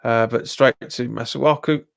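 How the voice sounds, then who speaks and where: Excitable Cockney-accented football streamer. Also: male voice, a little slow, creaky. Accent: Cockney-tinged London English. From England. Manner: exasperated, jumps up in pitch at bad calls, chats with viewers. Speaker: football fan livestreamer. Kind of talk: live match watch-along commentary.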